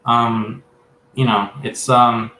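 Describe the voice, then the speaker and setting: In an echoey room, a psychic medium gives a casual spiritual reading, wandering off track, pausing frequently and leaning on "um" as filler. He has a mid-range, level voice with a sharp edge, and there's a little hiss or hum on the recording.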